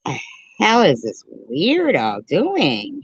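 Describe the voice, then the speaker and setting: A woman's voice: lowish voice, huge pitch swings, takes it slowly, breathy edge, dry recording. A woman hosting a commentary channel, making mocking, scornful remarks as she reacts to a clip. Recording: dry, dull lo-fi sound.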